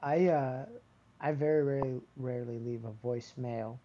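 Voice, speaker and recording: A man's voice: medium pitch, fairly even intonation, moderate pace, highs cut off, noisy background. A man in casual chat, explaining his pet peeves in a matter-of-fact way.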